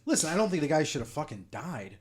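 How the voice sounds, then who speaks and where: A man's voice: fairly high pitch, sing-song, fast talker, darkish tone. A man co-hosting a comedy podcast, telling a bar-fight story casually and profanely. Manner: profane storyteller, drops into quoted voices. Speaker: podcast co-host.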